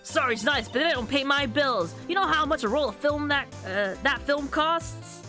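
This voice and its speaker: Girl doing a loud southern lady w a big drawl, high and scolding, bright. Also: normal speed, faint music behind. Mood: brash. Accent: American Southern. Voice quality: exaggerated drawl. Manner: blustery, scolding. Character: brash loud Southern woman photographer. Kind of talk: reading game dialogue aloud.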